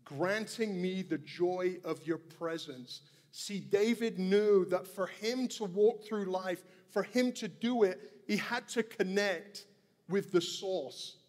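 Slow, high-voiced male preacher in a reverberant hall. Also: darkish tone. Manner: earnest, emphatic preaching with repeated phrases. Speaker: pastor. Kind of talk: sermon. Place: church sanctuary.

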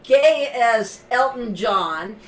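A woman joins a casual chat as a guest, with a slightly high voice and a slow, unhurried way of speaking. She is set back from the mic in an echoey room. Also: lively intonation. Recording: roomy and distant from the mic.

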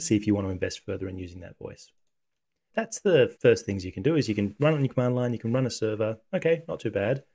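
A man hosting a casual coding tutorial, talking through software on screen in a relaxed, conversational way. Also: fairly low pitch. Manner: relaxed, conversational, thinks aloud.

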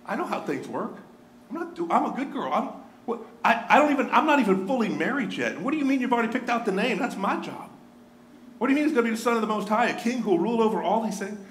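A flustered teenage girl , as a male preacher puts her on, rattles off bewildered questions in a quick, lively, high-ish voice. The sound is roomy, like a church hall, with a faint hum behind it. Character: flustered teenage Mary, young woman.

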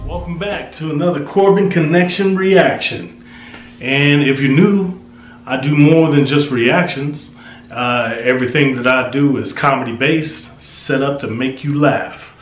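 A man's voice: a little high, measured pace, echoey room. A man hosting his own reaction video, chatting casually and rambling, correcting himself as he goes. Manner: rambling, self-correcting, joking. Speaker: reaction youtuber. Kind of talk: casual vlog chat.

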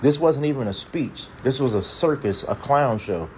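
Male commentator, indignant and sarcastic, mid-pitched, faint ambience behind. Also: lively intonation, moderate pace, a little mellow, a little hiss or hum. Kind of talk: ranting video commentary.

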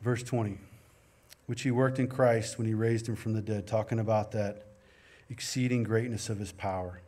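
A man's voice: lowish voice, steady tone, normal speed, a little mellow. A middle-aged man preaching a sermon in a church, earnest and conversational, mixing scripture reading with personal stories. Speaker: pastor. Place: church sanctuary.

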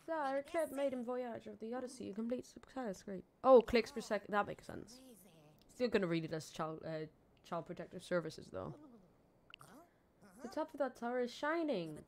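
A woman's voice: mid-range voice, animated, normal speed. Rambling, chatty woman streaming a game. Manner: chatty, rambling, self-mocking, swings from mumbles to squeals. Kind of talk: casual let's-play commentary.

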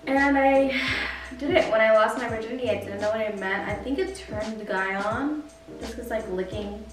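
A woman's voice: on the high side, normal speed. A young adult woman, tipsy and giggly, telling stories with animation in a casual chat between friends at home. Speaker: guest, best friend. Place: indoors at home. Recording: echoey room, from far off, music behind.

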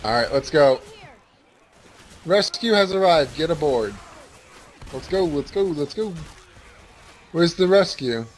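A man playing a co-op game, excited and swearing a lot. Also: fairly high pitch, slow pace, long pauses, a little hiss or hum. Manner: swearing, exclamatory. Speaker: gamer. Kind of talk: excited co-op let's play chat.

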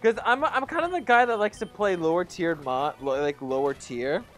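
A young man hosting a casual gaming let's play, joking, swearing and getting excited. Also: high-pitched, moderate pace, faint music behind.

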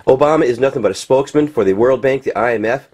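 A man's voice: medium pitch, quick pace, darkish tone. Heated, rambling man. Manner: heated, rambling, swearing, many fillers. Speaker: political commentator. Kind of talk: impassioned commentary over pictures.

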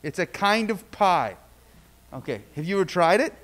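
A man's voice: high-pitched, sing-song, moderate pace, a bit bright. A man leading a children's story in church, playfully asking the kids questions and telling a story. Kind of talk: children's sermon. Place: church sanctuary.

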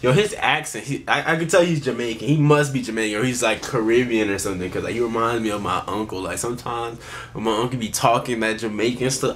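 A man's voice: mid-range voice, fairly even intonation, quick pace, a bit bright, a little hiss or hum. A man hosting a reaction video, talking in a laid-back, slang-heavy casual style to his viewers.

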